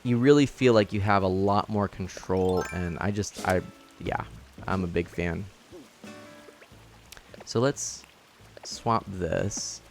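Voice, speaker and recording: A man's voice: low voice, takes it slowly, pauses often, faint music behind. A man casually streaming a life-sim game, chatting and laughing as he reads chat aloud and explains his setup. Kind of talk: casual live-stream commentary.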